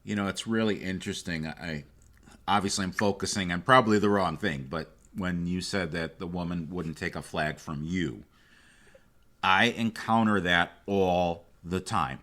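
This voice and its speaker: A man's voice: low voice, normal speed, fairly bright tone. A male podcast host and firearms instructor who reflects on the guest's points, then asks for his contact details. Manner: brief affirmations, then reflective. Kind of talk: casual interview.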